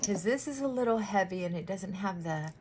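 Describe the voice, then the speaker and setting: A woman therapist chatting casually while doing her makeup, animated and acting out her clients' voices. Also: mid-range voice, fairly quick, slight background noise.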